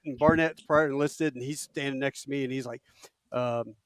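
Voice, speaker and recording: A podcast host in his late fifties talks briskly at medium pitch, captured cleanly in a studio with no echo. Animated and laughing often, he spins casual stories and breaks into loud drill instructor impressions.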